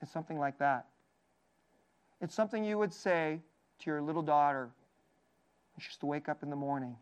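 A man preaching a sermon in an earnest, tender way, often laughing lightly and dropping his voice soft for quoted lines. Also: a little high, moderate pace, pauses often, clean tone. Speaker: pastor.

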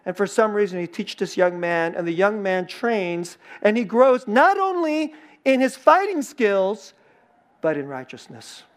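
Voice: mid-range voice, sing-song, measured pace. A pastor giving a sermon in a conversational way, laughing often and repeating key phrases for emphasis. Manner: acts out short quoted lines in a changed voice.

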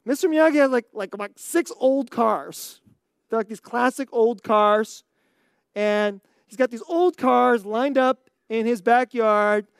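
An American preacher telling a story in a sermon, animated, acting out scenes and laughing often. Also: mid-range voice, takes it slowly, vocal fry, clean tone, no room sound, clean studio sound. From United States.

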